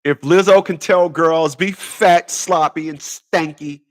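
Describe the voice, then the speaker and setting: A man's voice: on the high side, steady tone, takes it slowly, very noisy. A man ranting in a rambling comedic monologue, stammering and repeating words as he goes. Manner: stammers and repeats words, laughs at own jokes. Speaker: vlogger.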